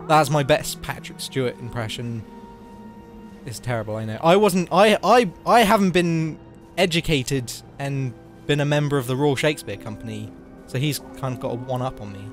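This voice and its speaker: A man's voice: medium pitch, moderate pace. A young man talking casually and swearing while playing a game, joking and rambling. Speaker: let's play host. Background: game music.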